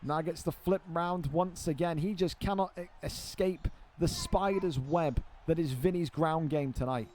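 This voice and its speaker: Young man, excitable play-by-play game caster, swears freely, slightly high voice. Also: measured pace, hardly any pauses, slight background noise. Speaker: esports fight commentator. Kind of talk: live play-by-play game commentary.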